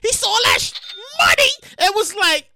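A woman hosting a casual solo podcast, excitable and rambling as she tells a story, with loud exclamations and frequent laughter. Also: extremely high pitch, fairly quick, vocal fry. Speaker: podcast host.

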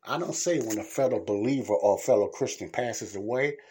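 A man's voice: medium pitch, normal speed, darkish tone, breathy edge. A middle-aged man hosting a Christian podcast, preaching in a blunt, casual, colloquial way and repeating points for emphasis.

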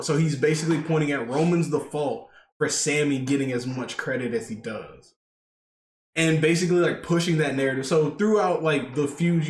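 A man co-hosting a podcast, retelling events in a rambling way, stuffed with "like" and "basically". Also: on the high side. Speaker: podcast co-host. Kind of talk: casual chat. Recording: echoey room with faint noise.

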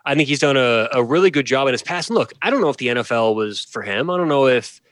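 A man's voice: medium pitch, animated, fast, a bit bright, no echo. Easygoing man in dry sports chat. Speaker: podcast co-host.

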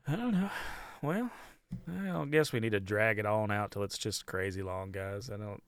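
A man's voice: fairly low pitch, a little slow, no room sound. A man co-hosting a podcast in laid-back, teasing casual chat, often chuckling. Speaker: podcast co-host.

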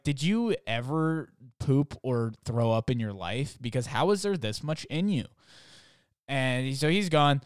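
A man's voice: medium pitch, clean tone, no room sound, studio quality. A young adult man telling comic stories in a rambling, casual way, full of "like" and swearing, acting out what other people said. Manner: rambling, full of "like", profane, acts out others' lines.

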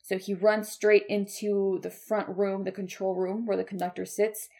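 A woman's voice: mid-range voice, level tone, moderate pace, warm tone. A woman on a podcast retelling a film scene in casual chat, blunt and full of "like" fillers. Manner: chatty, many "like" fillers, blunt language. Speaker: podcast co-host. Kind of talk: casual movie recap.

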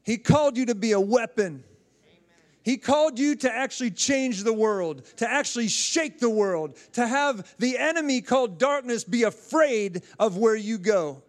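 A fervent male pastor delivering a sermon, his voice pitched fairly high for a man. He exhorts his listeners with call and response. His phrasing doubles back and repeats as he drives each point home. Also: animated, normal speed. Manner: repeats himself and restarts phrases.

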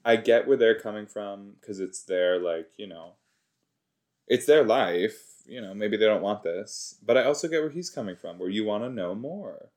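Man, rewatch podcast host, rambling jokey reactions, lowish voice. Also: moderate pace, darkish tone. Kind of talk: casual reaction commentary.

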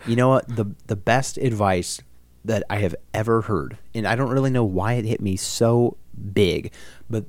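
A young adult man co-hosting a casual podcast chat, telling a story in an animated way and acting out the voices he quotes. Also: on the low side, moderate pace, no echo. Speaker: podcast co-host.

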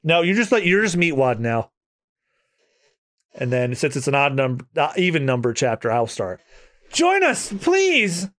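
A man's voice: medium pitch, lively intonation, moderate pace, fairly bright tone. A man co-hosting a podcast, chatting casually about manga he reads aloud, with lots of filler words. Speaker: podcast co-host.

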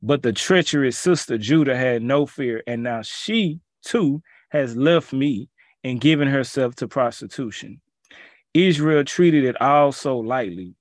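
A man's voice: medium pitch, no echo, clean studio sound. A man preaching and reading scripture aloud, pleading with listeners and mixing in casual asides. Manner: pleading, rising to emphatic peaks; informal, colloquial asides.

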